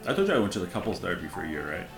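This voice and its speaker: A man's voice: sits low, huge pitch swings, rapid-fire, gravelly, echoey room, music in the background. A man co-hosting a podcast, chatting casually while playing a game, rambling and swearing with lots of fillers. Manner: rambling, profane, many fillers and restarts. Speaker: podcast co-host.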